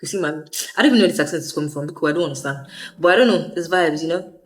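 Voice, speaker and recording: Young woman, lowish voice, rambling, slangy faith vlog chatter, faint music underneath. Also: expressive, racing. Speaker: faith vlogger. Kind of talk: casual faith vlog monologue.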